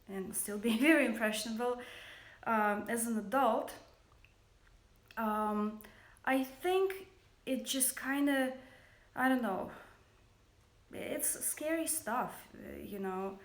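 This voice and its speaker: A woman in her thirties with a Russian accent, a business founder speaking earnestly and hesitantly in a personal livestream, with many fillers. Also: a little high. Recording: roomy echo.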